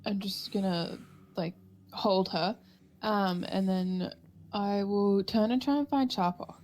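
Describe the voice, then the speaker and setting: A woman's voice: mid-range voice, takes it slowly, darkish tone. Casual woman player at a game table. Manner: casual, self-interrupting table talk.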